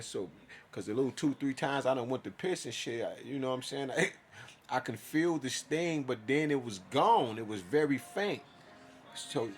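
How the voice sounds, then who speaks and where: A man telling his own story in a casual, profane monologue, acting out his side of conversations. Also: mid-range voice.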